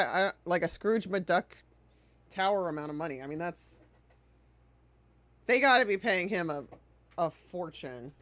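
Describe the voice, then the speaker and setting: A woman's voice: mid-range voice, no echo. A woman streamer chatting casually while playing a game, sarcastic and prone to swearing. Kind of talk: casual chat while gaming.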